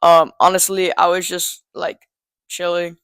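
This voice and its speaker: A man's voice: high-pitched, completely flat delivery, unhurried, fairly bright tone, clear, resonant tone, dry recording. Teen boy, casual vlog storytelling, rambling, filler words, dry close sound. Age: teens. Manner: rambling, lots of um and like, laughs at himself. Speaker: vlogger telling a story.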